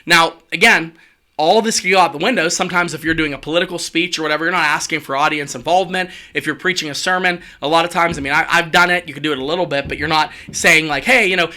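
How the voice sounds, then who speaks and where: A man coaching on public speaking in an energetic, conversational way, with quick asides and restarts. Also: a little high. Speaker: executive communication coach. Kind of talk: casual spoken coaching talk.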